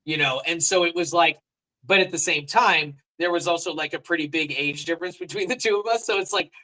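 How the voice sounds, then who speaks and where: A man's voice: on the high side, fairly quick, sharp tone, poor audio. A recording artist in casual chat, reflecting at length on his song with many fillers.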